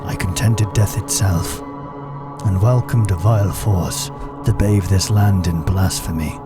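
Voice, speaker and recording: A man voicing an ancient, vengeful drowned spirit in a slow, solemn horror monologue, deep and partly whispered. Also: fairly even intonation, over loud music. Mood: grim solemn. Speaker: narrating entity in an analog horror video.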